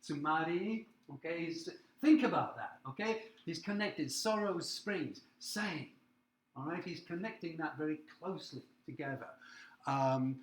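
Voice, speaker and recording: A man giving a literature lecture, explaining patiently, often checking in with his listeners and reading lines of verse aloud slowly. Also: on the high side. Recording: echoey room.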